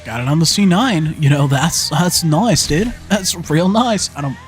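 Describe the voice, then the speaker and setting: With faint music behind him, a young streamer gives live commentary on a zombie shooter in a somewhat high, animated, unhurried voice. Frequently frustrated, he swears at the game and alternates between mumbling to himself and shouting.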